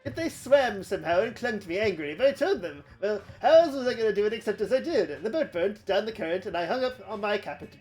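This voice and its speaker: A woman's voice: medium pitch, lively intonation, fast talker, hardly any pauses, a little mellow, close to an everyday voice. A woman voicing a rambling, boastful old ferryman in a video game, telling his tale in old-fashioned speech. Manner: rambling archaic storytelling.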